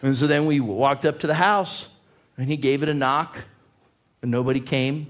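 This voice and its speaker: A man preaching a sermon as a pastor, telling a personal story in an animated way, his voice climbing as the tale builds. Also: mid-range voice, normal speed. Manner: animated storyteller, voice rising with excitement. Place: church.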